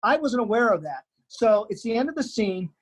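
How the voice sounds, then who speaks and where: A man's voice: sits high, a little fast, breathy edge, poor audio. A man, a stage actor and teacher, telling theater anecdotes in casual chat, restarting his sentences as he goes. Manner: animated anecdotes with stammered restarts.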